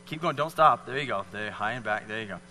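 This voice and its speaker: A man's voice: on the low side, expressive, quick pace, bright, forceful tone, in a large hall. A man leading a live fitness demonstration for an audience, coaching volunteers with encouraging, repeated cues. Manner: encouraging, coaxing, repetitive cues.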